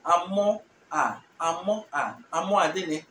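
A Ghanaian man with a slightly higher, fairly bright voice gives a relaxed spoken language lesson very slowly, patiently repeating every phrase and translating it. He sounds a little far from the mic in a roomy space with faint background noise.

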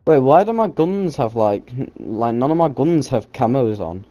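A man's voice: mid-range voice, very animated, normal speed, dark tone, highs cut off, soft background music. A man chatting on a gaming stream, teasing and mock-bossy with his friend. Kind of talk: casual gaming banter.

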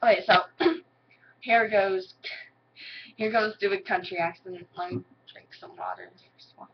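A young woman talks casually to her camera at home, rambling and giggling, with "like" in almost every phrase. Her voice sits at an ordinary middle pitch. The home video sound is slightly dull and lo-fi, with a faint hiss underneath. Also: a little slow. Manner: rambling, giggly, heavy use of "like". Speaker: vlogger.

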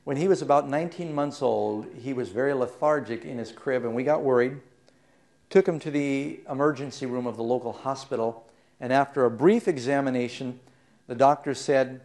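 A middle-aged man preaching a sermon, telling stories and putting questions to his listeners, going soft and low in the sad parts. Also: normal speed. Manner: storytelling, asks the audience questions, drops soft for sad parts.

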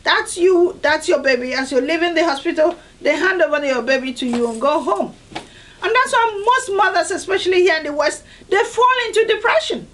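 A woman's voice: extremely high pitch, animated, moderate pace, a bit bright, rough recording. A woman from Nigeria, giving an earnest, emphatic devotional talk as host of a video series. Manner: earnest, emphatic, repeats "I tell you".

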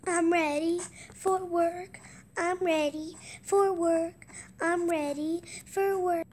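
A chirpy, eager cartoon sea sponge, as a woman puts him on, stretching his words out slowly in a bright sing-song. The voice sits very high and drawls along at an unhurried pace. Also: steady tone, a little hiss or hum.

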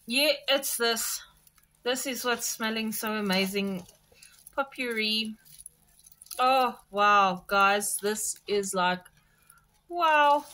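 A woman vlogging a craft subscription box unboxing, gushing with excitement and talking straight to her viewers. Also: high voice, low-quality recording. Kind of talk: casual unboxing chat to viewers.

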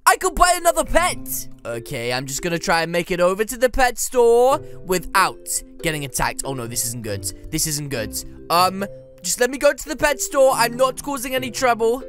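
A woman giving excited gameplay commentary as a gaming YouTuber, with playful mock trash talk. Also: mid-range voice, moderate pace, faint music behind.

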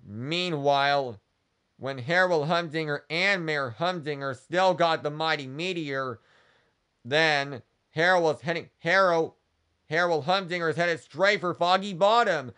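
Retelling a children's cartoon story, this channel host strings the plot together haltingly with "and then." His voice sits on the high side, pushed and bright yet smooth.

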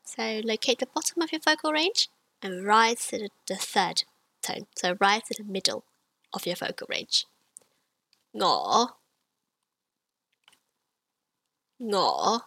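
A woman teaching a beginner language lesson, speaking patiently and clearly while she demonstrates sounds for the listener to repeat. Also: mid-range voice, lively intonation, moderate pace, bright, forceful tone, dry recording, poor audio.

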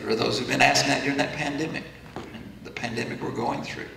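A man's voice: mid-range voice, fairly even intonation, quick pace, creaky, sharp tone. A man preaching an earnest sermon as pastor, voicing the questions of the faithful. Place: church sanctuary. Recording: echoey church room from far off.

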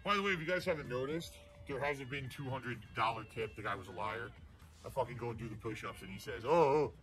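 A man's voice: mid-range voice, fast talker, pushed and bright. A man live-streaming from his home room, ranting bluntly and profanely at a viewer. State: out of breath. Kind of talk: casual live-stream chat. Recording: music playing under the voice.

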